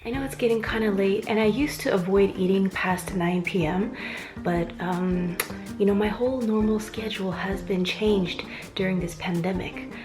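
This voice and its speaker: A woman's voice: medium pitch, fairly even intonation, moderate pace, over music. A woman narrating her food vlog at home in a chatty, playful way. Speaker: food vlogger.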